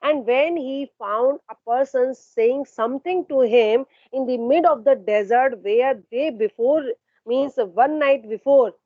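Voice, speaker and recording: Speaking a little slowly in a high-pitched voice, a female teacher explains a story line by line for an online literature class, asking and answering her own questions and paraphrasing and repeating throughout. The audio has no echo but sounds narrow and tinny.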